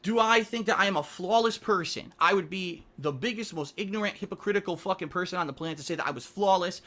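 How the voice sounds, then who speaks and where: A man with a high-pitched, sharp and forceful voice delivers an indignant rant straight to camera. He hammers his points home by repeating whole phrases, his speech swelling with grievance. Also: quick pace. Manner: emphatic, repetitive, indignant. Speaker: content creator. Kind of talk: emotional ranting speech to camera.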